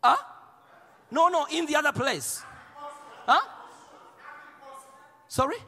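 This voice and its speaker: A man from Uganda preaching a sermon in a church, shouting and playful, with call and response. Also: very high-pitched, takes it slowly, gravelly, long pauses. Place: large church hall. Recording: long hall reverb.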